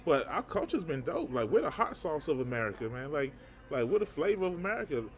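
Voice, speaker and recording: A man co-hosting a casual chat show, telling stories in a rambling, animated way and repeating words as he goes. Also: fairly high pitch, quick pace, soft background music. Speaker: podcast co-host.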